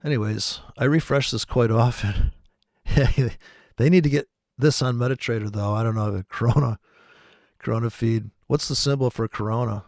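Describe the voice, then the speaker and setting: A man with a gravelly voice rants about trading in a rambling, profane stream, swearing and breaking into sudden loud outbursts. His voice sits in a middle range and is recorded close and dry. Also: mid-range voice, moderate pace, no echo. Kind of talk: profane ranting monologue.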